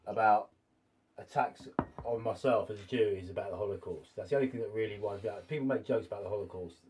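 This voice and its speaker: A man's voice: fairly low pitch, fast talker, darkish tone, slight background noise. A man arguing his point in a casual debate, emphatic and repeating words as he pushes on. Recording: voice a little far from the mic.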